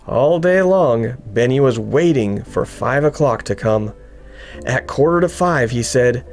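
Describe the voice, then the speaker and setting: A man narrating a children's storybook in an expressive, unhurried reading. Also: medium pitch, soft background music. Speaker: audiobook narrator.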